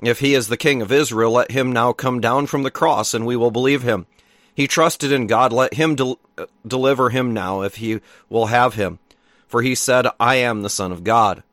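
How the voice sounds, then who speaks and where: A man, a pastor, reading scripture aloud in a measured, solemn way and then preaching, sometimes stumbling and correcting himself. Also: medium pitch, fairly bright tone, no echo, studio quality.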